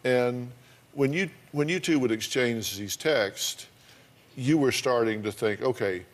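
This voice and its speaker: A man's voice: medium pitch, unhurried. An older man hosting a talk show, asking probing questions in a blunt, folksy way.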